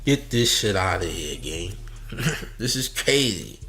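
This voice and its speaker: A man's voice: deep voice, sing-song, slow, bright, forceful tone. Mocking slangy man reacting to clips. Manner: mocking, laughs often, slangy. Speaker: commentary host. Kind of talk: reaction commentary.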